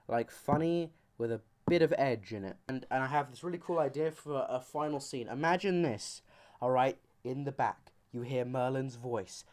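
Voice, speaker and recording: A man's voice: mid-range voice, a little mellow. A man giving a comedic anime commentary, rambling and joking with goofy asides. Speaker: YouTuber.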